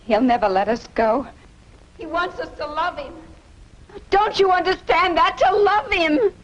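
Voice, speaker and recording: An actress playing a frightened wife who pleads urgently, in 1970s TV movie acting. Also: female voice, sits high, expressive, moderate pace, lo-fi sound. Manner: fearful and pleading.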